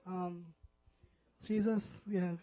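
A man, a pastor, preaching a sermon with earnest, animated delivery that builds into fervent emotion. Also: sits high, very slow. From Puerto Rican background. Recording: dull lo-fi audio.

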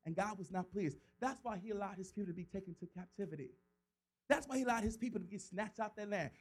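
A male pastor with a notably high voice delivers a sermon. He voices scripture characters dramatically, swinging from soft, low-key explanation to loud, impassioned shouts. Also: fast talker, husky, poor audio. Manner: preaching with dramatic voiced quotes, rising to shouts.

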